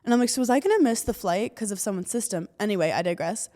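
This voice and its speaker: A podcast co-host with a mid-range voice and quick pace tells a story in casual chat, animatedly acting out the people she quotes.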